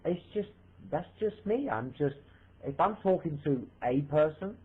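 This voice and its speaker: A man's voice: on the high side, animated, measured pace, breathy edge. A man in a voice chat room, defensive and hesitant, rambling as he explains himself. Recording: tinny phone-like line.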